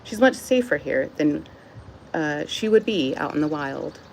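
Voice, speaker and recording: Smiling zookeeper, calm and reassuring, low gravelly tone, read by a woman. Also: measured pace, a little hiss or hum, full character voice, low-quality recording. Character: cheerful zookeeper explaining calmly.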